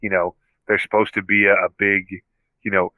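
A man co-hosting a podcast, retelling movie scenes in an animated, casual way with lots of fillers. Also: on the low side, moderate pace, no echo, phone-quality sound. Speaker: podcast co-host.

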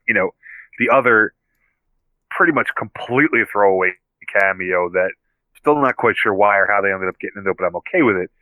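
A man co-hosting a podcast, retelling movie scenes in an animated, casual way with lots of fillers. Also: lowish voice, fairly quick, no echo, rough recording. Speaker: podcast co-host.

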